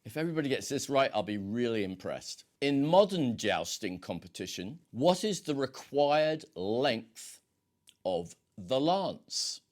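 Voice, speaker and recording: A man's voice: mid-range voice, big pitch swings, measured pace. A man hosting a casual quiz, rambling along with many hesitations and fillers. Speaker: quiz host.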